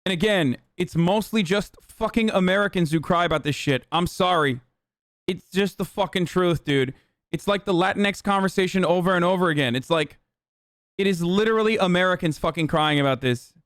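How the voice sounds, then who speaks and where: A male livestream host from Turkey delivers a heated, profane rant in a somewhat high voice. His tone is smooth and resonant. The recording is dry and close. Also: moderate pace, fairly bright tone, no room sound.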